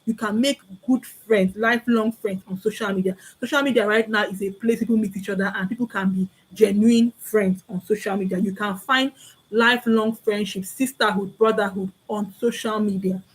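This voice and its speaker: A woman's voice: medium pitch, fairly even intonation, normal speed, slightly rough, poor audio. A young woman with a Nigerian accent giving an earnest, preachy talk to camera, repeating key phrases and acting out small bits of dialogue. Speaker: vlogger.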